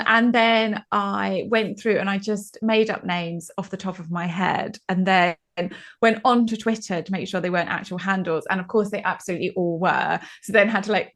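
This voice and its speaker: A woman author, chatting as a guest in an interview, quick and laughing often. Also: medium pitch. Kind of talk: casual interview chat.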